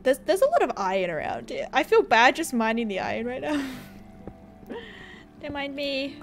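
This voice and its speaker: Lively high-voiced woman streamer. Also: normal speed, faint music behind. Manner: giggly, chatty, talks to chat while playing. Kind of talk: casual gaming livestream chat.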